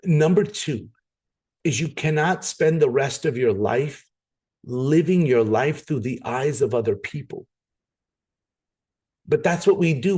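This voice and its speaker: A man giving a motivational sales training talk, animated, acting out scenes and repeating words for emphasis. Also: medium pitch.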